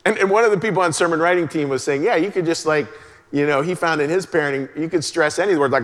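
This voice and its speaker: A man preaching a sermon as a pastor, chatty and conversational, dropping into a soft hush to stress a point. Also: a little high, fast. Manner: conversational, drops to a hush for emphasis. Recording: long hall reverb.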